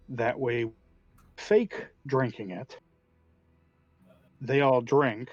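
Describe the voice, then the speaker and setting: A man's voice: mid-range voice, dry recording. A man playing a tabletop role-playing game who reasons through plans aloud decisively. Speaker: player. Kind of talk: casual tabletop play. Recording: dull, dry lo-fi mic.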